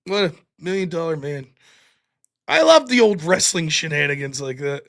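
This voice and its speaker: A man's voice: on the high side, animated, normal speed. A man hosting a casual live stream, rambling through stories, laughing often and swearing. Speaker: livestream host. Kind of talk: casual livestream chat reading chat.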